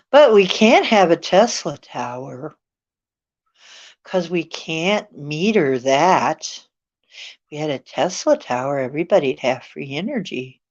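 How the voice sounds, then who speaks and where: A woman host chatting casually on her show, rambling and sarcastic. She talks slowly in a fairly low voice. The recording sounds dull and lo-fi. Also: big pitch swings. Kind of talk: casual talk show chat.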